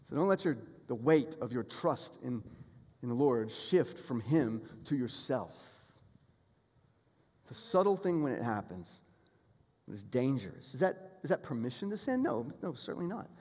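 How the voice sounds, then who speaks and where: A pastor preaching a sermon, earnest and emphatic, building toward appeals and repeating key phrases. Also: male voice, mid-range voice, animated, moderate pace, a little mellow. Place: church sanctuary. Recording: long hall reverb in a church sanctuary.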